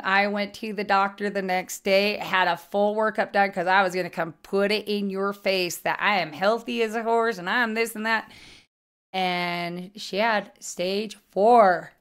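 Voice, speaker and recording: Smooth-voiced woman, lively storyteller. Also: medium pitch, a little slow. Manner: lively storyteller, acts out quotes. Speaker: psychic guest. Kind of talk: casual chat.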